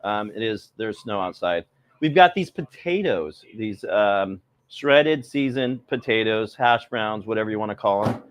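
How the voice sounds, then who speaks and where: A man's voice: fairly low pitch, expressive, unhurried, clear, resonant tone, dry recording. A middle-aged man hosting a live cooking stream, rambling casually and greeting viewers by name, a little cold.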